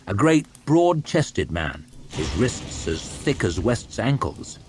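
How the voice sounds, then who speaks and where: A man reading a novel aloud as storytime narration, expressive with soft low asides. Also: slow pace, breathy edge. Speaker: audiobook reader. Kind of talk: storytime narration over gameplay.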